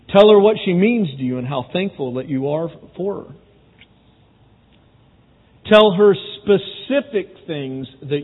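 A man preaching a folksy sermon on marriage, teaching through anecdotes with a husky voice. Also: a little high. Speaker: pastor. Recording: tinny, phone-like, long hall reverb.

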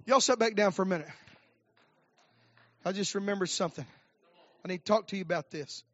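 High-voiced fervent preacher in his fifties. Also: brisk, dry recording. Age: 50s. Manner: fervent preaching, swinging from low murmurs to shouted climaxes with "uh" fillers. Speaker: pastor. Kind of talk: sermon. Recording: dry, dull lo-fi recording.

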